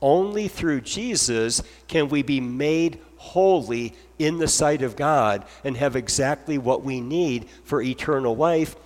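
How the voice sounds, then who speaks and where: A man's voice: medium pitch, lively intonation, measured pace, few pauses, darkish tone, big-room sound. A man preaching an earnest sermon as pastor, moving from scripture into heartfelt spoken prayer.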